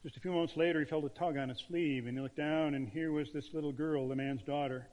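A man, a pastor, preaching a sermon with emphatic phrasing and dramatic pauses. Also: on the high side, fairly even intonation, a little mellow, in a large hall, muffled recording.

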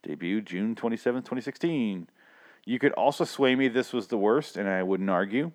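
Low-voiced podcast host clearing his throat. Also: lively intonation, moderate pace. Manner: rambling, swears freely, laughs often. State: throat irritated, clearing it often. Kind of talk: casual profane chat.

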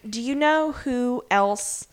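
A woman with a slightly high voice chats through a TV episode recap on a podcast. She acts out the characters' lines in quick bursts and swears freely. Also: smooth. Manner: animated retelling, acting out characters' lines, frequent swearing. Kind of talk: casual chat.

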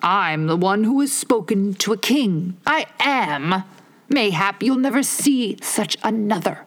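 A pompous, touchy egg-man holds forth from his wall, drawing out his words in a slow, haughty, raised voice, as a woman reader puts him on. He lectures rather than talks, leaning hard on each grand phrase. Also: medium pitch, expressive, voice pushed up. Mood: lofty.

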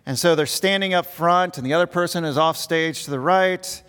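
A middle-aged man, a pastor, preaching a sermon with earnest emphasis that swells and then drops quiet. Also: a little high, normal speed, smooth. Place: large church sanctuary. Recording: long reverb of a large hall.

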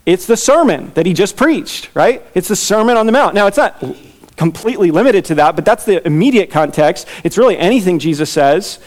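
A man's voice: sits high, expressive, brisk. A man preaching an expository sermon, emphatic and repeating his key lines. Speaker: pastor.

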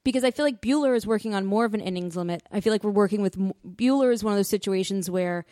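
A woman co-hosting a casual sports podcast, making wry, deadpan jokes. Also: medium pitch, fast talker, dry recording, studio quality. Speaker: podcast co-host.

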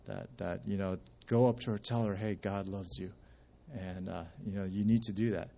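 A man's voice: on the low side, fairly even intonation, a little fast, vocal fry, warm tone. A man giving a casual church testimony, telling a story in a conversational way with many restarts and acting out the quoted speech. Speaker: church member sharing at a service.

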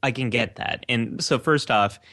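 A man's voice: medium pitch, unhurried, pushed and bright, dry recording, clean studio sound. A man hosting a podcast, chatting casually and musing in an earnest, thoughtful way. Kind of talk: casual chat.

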